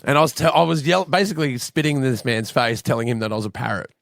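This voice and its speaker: A man's voice: medium pitch, fast talker, vocal fry. Australian man telling rowdy stories. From Western Sydney, Australia. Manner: animated storyteller, swears freely. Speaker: podcast guest. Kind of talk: casual chat.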